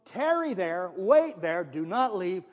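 A man with a notably high voice preaches to his congregation, talking in a loose, conversational way with frequent repetitions and restarts. His voice rings out with a long reverb, as in a church sanctuary. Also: big pitch swings, slow. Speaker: pastor. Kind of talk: sermon.

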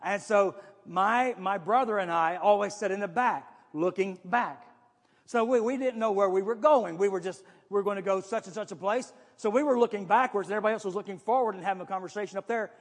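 A man's voice: high voice, a little fast, in a large hall. A man preaching a sermon in a conversational way, often repeating himself and restarting phrases. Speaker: pastor.

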